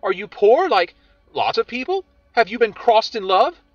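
Guy doing a sassy young woman in a storybook reading, bright and bossy, breathy voice, dry close sound. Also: sits high, sing-song, dry recording, pitched above the performer's own voice. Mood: teasing. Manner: bright and bossy, rapid questioning. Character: frank, teasing young woman, brisk and lively. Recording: dull audio with faint music.

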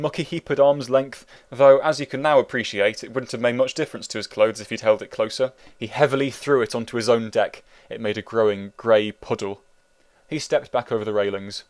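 A man who wrote the book, reading it as an audiobook narrator in a wry, meandering, deadpan way. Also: medium pitch.

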